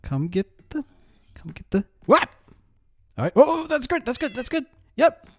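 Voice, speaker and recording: Lively, playful man at a dry close mic. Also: extremely high pitch, unhurried, no room sound. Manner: playful, rambling, coaxing. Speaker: game series player. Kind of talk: casual gameplay commentary.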